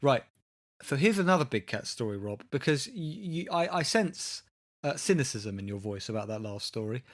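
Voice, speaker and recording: A man's voice: medium pitch, big pitch swings, normal speed. A man co-hosting a casual comedy podcast, reading out odd news stories in a wry, mock-serious way. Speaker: podcast co-host.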